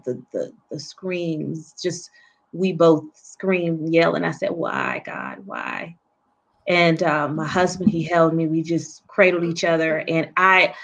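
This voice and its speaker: A woman guest telling a painful personal story in an interview, speaking softly and haltingly with many pauses and restarts. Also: on the low side. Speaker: guest author and poet.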